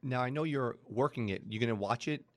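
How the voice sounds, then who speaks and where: A man hosting a podcast, asking quick, casual questions of his guest. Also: medium pitch. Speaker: podcast host.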